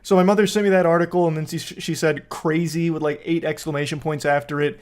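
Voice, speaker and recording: A young man giving casual, deadpan and sarcastic commentary as a host, swearing freely. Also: fairly high pitch, fast talker, smooth.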